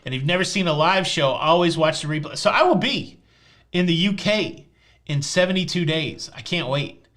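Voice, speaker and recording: Southern guy from tennessee hosting a live cruise show, highish bright voice, jokey and teasing. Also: moderate pace. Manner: joking and teasing, deadpan jokes. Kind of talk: casual live-stream chat answering viewer questions.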